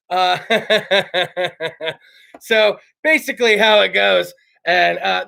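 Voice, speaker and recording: Talk show host, male, 30s; bright, high voice; crude, swaggering monologue. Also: a little slow, creaky. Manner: brash, swears constantly, laughs at own jokes. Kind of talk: casual profane monologue.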